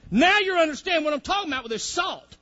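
A man preaching a sermon as pastor, swinging between loud preaching and quiet storytelling. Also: extremely high pitch, expressive, fast. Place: church sanctuary. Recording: dull lo-fi recording with faint music.

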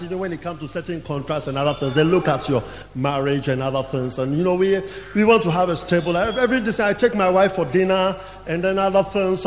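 A man's voice: high-pitched, voice pushed down, close to an everyday voice. A man voicing a self-assured businessman husband, justifying himself in an explaining tone. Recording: echoey hall, faint room noise.

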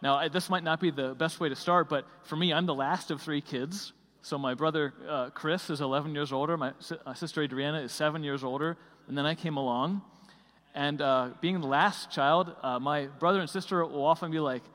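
A man's voice: a little high, fairly even intonation, brisk, fairly bright tone. Man preaching in a reverberant church. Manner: conversational, with many fillers and restarts. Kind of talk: sermon.

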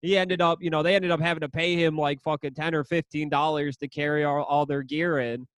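Man, high pitch, dry close sound, rambling stammering storyteller. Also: steady tone, fairly quick, fairly bright tone, dry recording. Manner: rambling, stammering anecdotes with crude jokes. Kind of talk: crude casual chat.

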